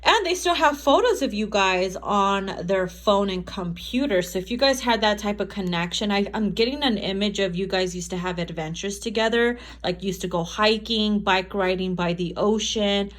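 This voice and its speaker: A woman's voice: medium pitch, moderate pace, hardly any pauses. A woman giving a casual tarot reading to camera, chatty and profane, often laughing and acting out quotes. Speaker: tarot reader.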